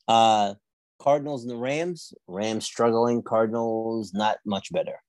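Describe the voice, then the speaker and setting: A man's voice: lowish voice, unhurried, a little mellow, no room sound. A man co-hosting a sports podcast, steadily leading the picks and wrapping up the show in a casual chat. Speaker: podcast co-host.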